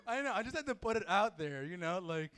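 A man's voice: high voice, sing-song, quick pace, a bit bright, smooth. A man preaching a casual youth sermon, with playful asides and jokes to the audience. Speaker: youth pastor.

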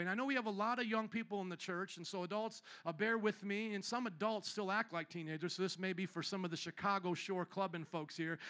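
A male pastor preaching a sermon in church, teasing and joking with the congregation. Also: sits high. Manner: playful, teasing, animated preaching. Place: church sanctuary.

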